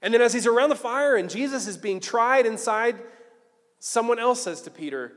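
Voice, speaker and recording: A pastor preaching in a relaxed, slangy storytelling style with bursts of loud emphasis. His voice sits a bit high for a man. A long reverb from a large hall trails his words. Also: fairly quick. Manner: casual storytelling with slang, often rising to loud. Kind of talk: sermon.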